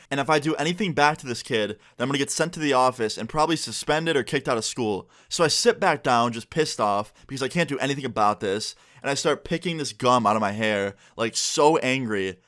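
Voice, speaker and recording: A young man vlogging a storytime, telling it in a lively, animated way with swearing. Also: mid-range voice, brisk, few pauses. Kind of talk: storytime vlog.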